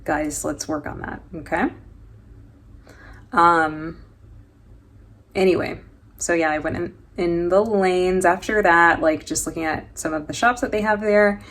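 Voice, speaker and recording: A woman's voice: lowish voice, unhurried, long pauses, fairly bright tone. A woman from New York with an American accent, chatting casually in a travel vlog, joking and laughing often with plenty of fillers. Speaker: travel vlogger.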